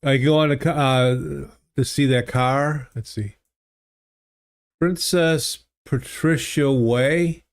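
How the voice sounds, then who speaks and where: A man hosting a livestream, chatting casually and thinking aloud in a halting, easygoing way while playing a geography game. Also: mid-range voice, fairly even intonation. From United States. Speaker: livestream host. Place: home streaming studio. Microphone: studio desk microphone.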